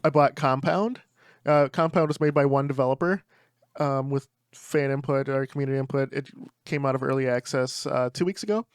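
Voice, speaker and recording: A young adult man co-hosting a podcast in casual chat. He is animated and often restarts and repeats his words. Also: medium pitch, brisk, smooth, no room sound, clean studio sound. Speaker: podcast co-host.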